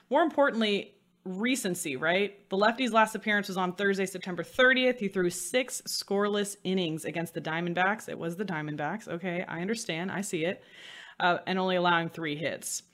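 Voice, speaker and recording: A woman's voice: fairly low pitch, fairly bright tone. Chatty woman hosting a podcast. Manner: chatty and self-mocking, with dry sarcasm. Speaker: sports betting podcast host. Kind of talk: solo podcast talk.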